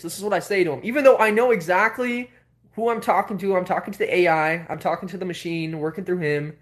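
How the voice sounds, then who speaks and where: A man hosting a livestream, telling a story casually in a rambling, animated way with many filler words. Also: sits high, quick pace. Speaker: host.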